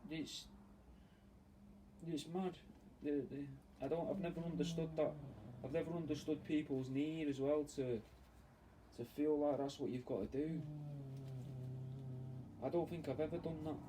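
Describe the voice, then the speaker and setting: A man's voice: on the high side, fairly even intonation, moderate pace, pauses often. A man chatting casually and meandering, swearing freely while he works on a taxidermy piece for fans. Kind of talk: casual rambling chat while working. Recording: distant mic with faint ambient noise.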